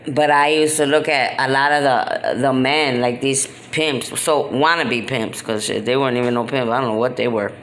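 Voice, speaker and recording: A woman's voice: very deep voice, moderate pace, few pauses, a little hiss or hum. A woman speaking straight to the camera in an impassioned vlog monologue. She talks bluntly, often in street slang, repeats herself for emphasis and fills her speech with "you know". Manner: emphatic and repetitive, many "you know" fillers. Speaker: vlogger.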